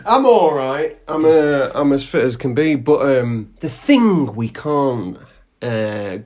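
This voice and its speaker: A man's voice: medium pitch, sing-song, slow pace, darkish tone. A man co-hosting a podcast in casual chat, playful and teasing, spinning absurd tall tales. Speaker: podcast co-host.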